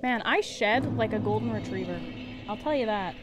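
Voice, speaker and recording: A woman's voice: medium pitch, lively intonation, normal speed. A woman streaming a video game, chatting casually with her chat and laughing often. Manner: giggly and chatty, answering chat. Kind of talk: casual live-stream gameplay commentary.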